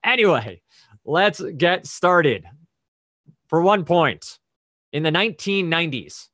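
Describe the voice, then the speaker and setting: A man's voice: a little high, big pitch swings, slow pace, pauses often, fairly bright tone, no echo. Chatty male trivia host on a dry video call. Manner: conversational, methodical, chatty asides. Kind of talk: explaining rules and reading clues.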